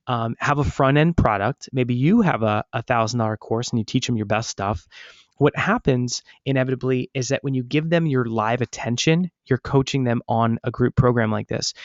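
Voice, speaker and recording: Excited, rambling man on a dull webinar line. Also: mid-range voice, no room sound. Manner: excited, rambling with many restarts and fillers. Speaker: webinar co-host and business coach. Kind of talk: casual live webinar talk. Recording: dull lo-fi online call audio.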